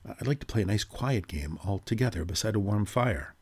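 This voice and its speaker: A man voicing a kind, chatty woman guest who is a little uneasy, talking in a quick, confiding way. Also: lowish voice, lively intonation, darkish tone, slightly rough.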